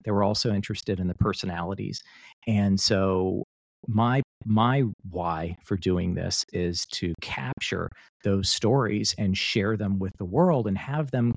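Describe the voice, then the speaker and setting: Low-voiced man in earnest podcast chat. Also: darkish tone, no echo. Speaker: podcast co-host.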